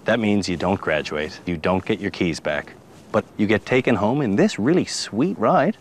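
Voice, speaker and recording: A man's voice: on the low side, animated, normal speed, a little hiss or hum. A man hosting a reality show, coaching a nervous driver firmly but reassuringly, then making a formal announcement. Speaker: show host and driving instructor. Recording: loud music behind.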